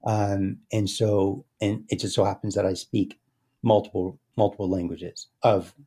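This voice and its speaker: A man speaking as an interview guest in a slow, meditative way, often trailing into soft, quiet chanting. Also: on the low side, little pitch movement, breathy edge. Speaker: guest, speaker and success coach. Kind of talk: casual interview talk.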